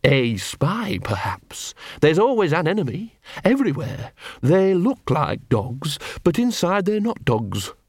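A man voicing a menacing, fanatical male poodle who leads a street dog pack, talking with slow sneering menace. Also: a little high, sing-song, no echo, clean studio sound, pitched above the performer's own voice, full character voice. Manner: hissing, slow and sneering, rising to shouts.

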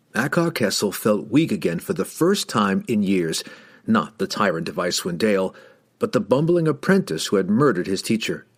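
A man narrating a fantasy novel as an audiobook, telling it with dramatic, expressive storytelling. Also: on the low side.

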